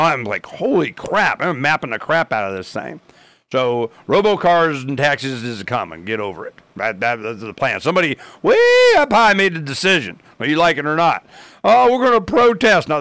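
A man's voice: medium pitch, a bit bright, no echo. A man rambling through a casual story, acting out both sides of the conversations in his own voice.

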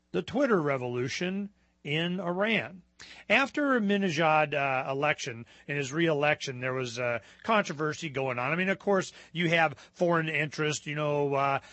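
A man hosting a talk show, reading news items out loud and drifting into rambling asides with lots of fillers and restarts. His voice is bright and a touch high. The sound is close and dry, with almost no room around it. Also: no room sound.

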